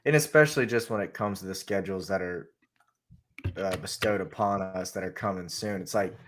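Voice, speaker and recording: Brief: young male co-host, lower voice, laid-back rambling sports chat. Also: a little fast, a little hiss or hum. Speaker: podcast co-host.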